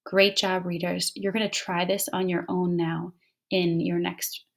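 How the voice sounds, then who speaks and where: Woman teacher reading a poem out loud to kids, patient and clear, online class on a computer mic. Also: fairly low pitch, flat delivery, a little slow. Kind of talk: fluency lesson read-aloud.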